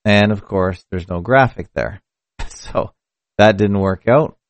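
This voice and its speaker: A man's voice: fairly low pitch, takes it slowly. A man hosting a casual solo live stream, talking in a rambling, conversational way and often correcting himself mid-sentence. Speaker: podcast host. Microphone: mic through a hardware audio box.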